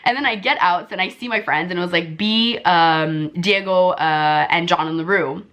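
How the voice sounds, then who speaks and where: A young woman vlogger telling a story in casual, filler-heavy chat, her voice jumping high when she relives excitement. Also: normal speed. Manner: chatty, full of "like" and "um" fillers.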